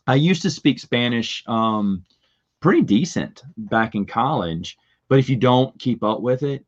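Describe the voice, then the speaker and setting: A middle-aged man telling rambling stories with restarts and little chuckles. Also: on the low side. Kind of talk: casual storytelling. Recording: dull lo-fi recording.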